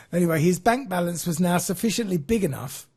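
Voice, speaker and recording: A man's voice: high-pitched, a little mellow, breathy edge. A man hosting a podcast, telling a story in a chatty way and laughing at his own jokes.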